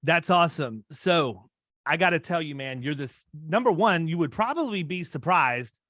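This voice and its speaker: A man's voice: on the high side, expressive, normal speed, a bit bright, no room sound, clean studio sound. A man in his fifties hosting a podcast interview, chatting casually and often restarting his sentences. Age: 50s. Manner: rambling, restarts mid-sentence. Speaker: podcast host.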